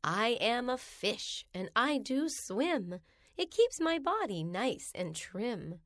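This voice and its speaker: A woman reads children's rhymes aloud, slow and sing-song, her fairly high voice rising and falling a great deal. The sound is close and dry, with no room around it. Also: sing-song, fairly bright tone, dry recording.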